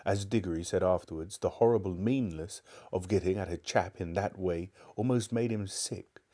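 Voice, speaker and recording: A man reading a children's novel aloud on a live stream, with expressive storytelling delivery. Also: low voice, moderate pace. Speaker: narrator.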